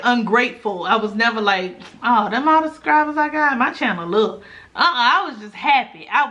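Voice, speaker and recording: A woman's voice: fairly high pitch, pushed and bright. A woman from Florida with a South Florida accent, chatting casually to her viewers as a mukbang vlogger, laughing often and saying "y'all.". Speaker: mukbang YouTuber answering viewer questions.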